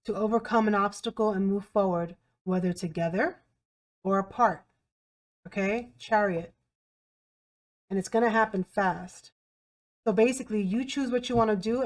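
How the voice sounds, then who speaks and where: A woman's voice: mid-range voice, a little mellow. A woman giving a tarot reading to camera in a blunt, emphatic way, repeating herself and swearing freely. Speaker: tarot reader.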